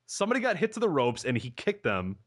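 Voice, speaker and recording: Quick, lively-voiced man chatting. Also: a little high. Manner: quick, animated, laughs easily. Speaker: podcast co-host. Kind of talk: casual chat.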